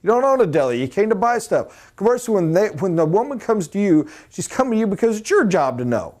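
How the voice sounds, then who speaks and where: Animated male sales trainer. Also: high voice, quick pace. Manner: animated, emphatic, mock voices for examples. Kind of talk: live sales training talk.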